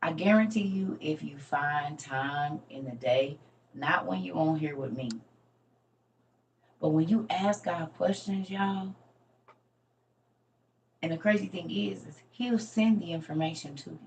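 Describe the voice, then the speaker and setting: She's a middle-aged livestream teacher with a low, creaky voice who takes her time and pauses often. Her casual lesson rambles along in a folksy manner, recorded from a distance with faint background noise.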